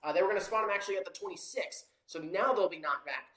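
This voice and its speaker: The amateur play-by-play caller, medium-pitched and a bit bright, rambles casually through the watchalong. Fillers and fast self-corrections pile up, and the rough recording echoes around the room.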